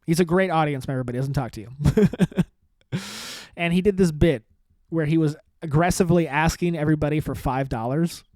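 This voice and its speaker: A man's voice: fairly high pitch, normal speed, a little mellow, no room sound. A male comedian hosting his podcast alone, rambling in a sarcastic, self-mocking way and saying "dude" often. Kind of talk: rambling solo podcast sign-off.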